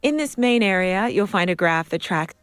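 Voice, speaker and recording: A woman voicing a calm in-game tutorial guide, her scripted voice-over flat, even and oddly detached. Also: mid-range voice, moderate pace, clear, resonant tone, no echo, natural voice.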